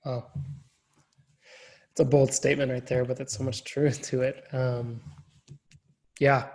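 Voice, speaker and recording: Gravelly-voiced enthusiastic podcast host. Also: male voice, medium pitch, little pitch movement, unhurried, darkish tone. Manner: enthusiastic, affirming reactions. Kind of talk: casual interview.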